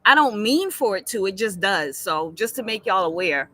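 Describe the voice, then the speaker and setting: A woman's voice: medium pitch, very animated, moderate pace, bright, forceful tone, no room sound. A woman from Boston with a Boston accent, talking casually on a livestream in a rambling, chatty way and swearing freely. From Boston, Massachusetts. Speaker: livestream guest.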